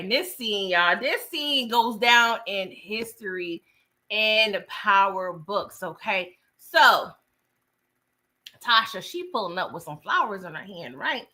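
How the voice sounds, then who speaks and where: On a livestream, a young woman casually recaps a TV episode, laughing and greeting viewers by name. Her voice is medium-pitched, bright and forceful.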